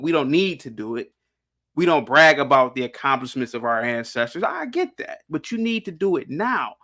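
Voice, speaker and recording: A man with a bright, forceful voice argues his points on a casual discussion panel. He rambles, circles back, and stumbles over repeated words as he pushes his view. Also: a little high. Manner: emphatic, rambling, many restarts and repeated words. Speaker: panel guest.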